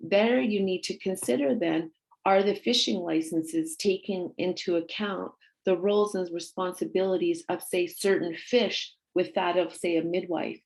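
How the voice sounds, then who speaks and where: A woman's voice: lowish voice, a little mellow, low-quality recording. A woman gender studies professor on a webinar panel, giving earnest advice to students with frequent fillers, heard over a video call. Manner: earnest, advising, many fillers. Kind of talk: panel discussion.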